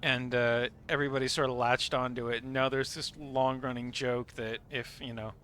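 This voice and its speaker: A man's voice: medium pitch, little pitch movement, moderate pace, fairly bright tone. A man chatting casually on his live game stream, laughing often and swearing freely.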